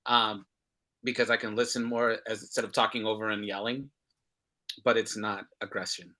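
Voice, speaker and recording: Man, father, passionate talker on a video call, bright forceful tone. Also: on the low side, level tone, moderate pace. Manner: earnest and passionate, with restarts. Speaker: father in a discussion group. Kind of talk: casual group discussion.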